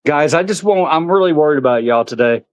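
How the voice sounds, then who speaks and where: A man's voice: animated, fast talker, no room sound, dull audio. A man, chatting casually on a handheld camera vlog outdoors at an animal park, talking to the animals. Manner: chatty, talks to animals in a high sing-song. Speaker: vlogger.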